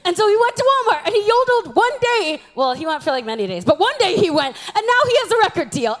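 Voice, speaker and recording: A woman's voice: very high voice, very animated, fast talker, hardly any pauses. A young woman giving a humorous church talk, telling stories about herself in a chatty, self-mocking way. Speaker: youth speaker.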